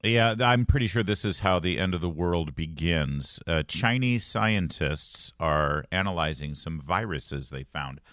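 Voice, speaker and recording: A man's voice: sits low, measured pace, hardly any pauses, a bit bright, no room sound. A man hosting a morning talk radio show, reading news items with wry jokes in a studio. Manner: wry, joking, reads news items aloud. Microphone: studio mic.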